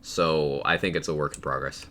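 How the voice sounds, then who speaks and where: A man's voice: a bass voice, fairly even intonation, moderate pace, pushed and bright. A man streaming a video game live, chatting casually and explaining game mechanics to his viewers. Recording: noisy live-stream audio.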